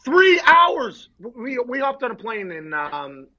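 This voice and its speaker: A man hosts a sports talk show with a husky, fairly high voice. He tells rambling, jokey stories and gets loud and excited. The audio sounds a little dull. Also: measured pace. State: short on sleep. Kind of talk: casual sports chat.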